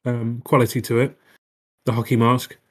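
A man's voice: mid-range voice, level tone, normal speed, slightly rough. Guy playing a tabletop rpg, friendly, plain talk, average voice. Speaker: player. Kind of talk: casual chat in a tabletop game.

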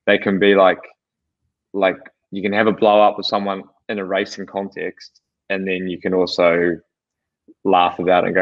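Low-voiced man telling rambling stories. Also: flat delivery, normal speed. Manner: rambling anecdotes, many fillers and laughs. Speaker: podcast co-host, pro cyclist. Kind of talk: casual storytelling chat. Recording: dull lo-fi sound.

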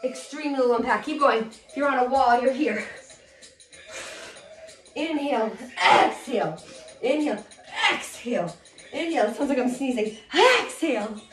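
A woman fitness instructor coaching a low-impact cardio workout, energetic and a little out of breath as she counts reps and cheers people on. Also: normal speed, background noise. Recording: echoey room with music.

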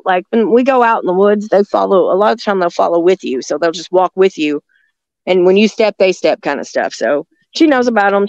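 Rambly woman telling a story, kinda raspy gravelly voice, dull dry recording. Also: mid-range voice, darkish tone, no echo. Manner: rambling, with restarts and frequent laughs. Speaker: guest recounting encounters. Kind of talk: casual storytelling. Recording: dull lo-fi sound.

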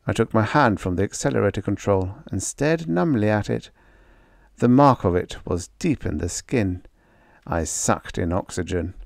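A man narrating a first-person story in a hard-boiled, expressive reading on a close mic. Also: lowish voice, a little slow, vocal fry, no room sound. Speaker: audiobook narrator.

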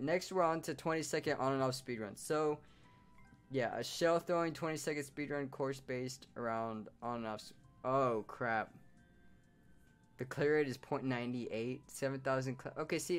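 Excitable man narrating his gameplay. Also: moderate pace, smooth, soft background music. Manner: excitable, shouts in surprise then mutters low. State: hiccups. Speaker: gaming YouTuber. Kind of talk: casual gameplay commentary.

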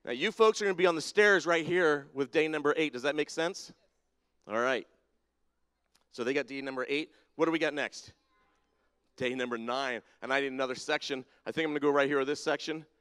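A brisk man with a high-leaning, slightly bright, clean-toned voice hosts a playful congregation activity, poking fun at people and calling them down by name. He's in a large sanctuary with a balcony and spotlights, and the audio rings with long reverb.

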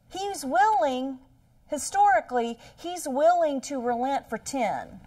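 A woman's voice: high-pitched, darkish tone, no echo, far from the mic. A woman leading a Bible study in a conversational style, dramatizing the story with laughing asides.

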